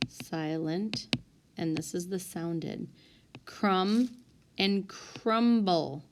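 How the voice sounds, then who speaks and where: A woman teacher giving a recorded spelling lesson, sounding out words one by one with deliberate dictation. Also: lowish voice, very noisy. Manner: slow, deliberate word-by-word dictation. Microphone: tablet microphone.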